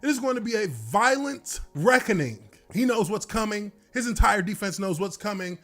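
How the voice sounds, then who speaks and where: A former pro football lineman with a high-pitched voice tells a dramatic game story at a moderate pace. He's animated and casual about it, dropping a bit of profanity along the way, while faint music plays in the background.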